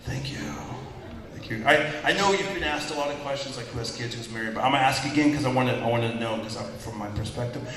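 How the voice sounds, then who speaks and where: A man doing a stand-up comedy set on a large theater stage, animated and jokey, slipping into silly voices. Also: mid-range voice, fast. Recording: echoey hall, far mic, crowd. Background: audience laughing and clapping.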